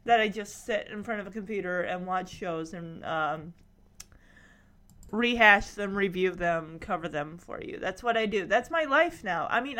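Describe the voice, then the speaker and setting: A woman recapping a TV show in a casual vlog, animated and laughing often. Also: a little high.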